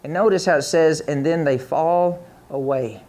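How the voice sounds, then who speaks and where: A man's voice: a little high, moderate pace, a little mellow. A man preaching a sermon with emphatic, rhythmic repetition.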